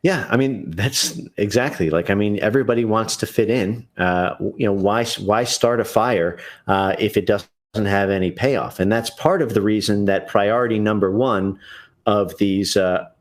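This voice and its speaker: Male guest on a live-stream discussion, lowish voice, halting, lots of fillers and restarts.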